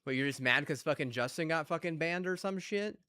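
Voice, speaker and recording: A young man ranting angrily and profanely while playing a game, with shouted bursts. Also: fairly high pitch, brisk, smooth, dry recording. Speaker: gamer. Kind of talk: angry gaming rant.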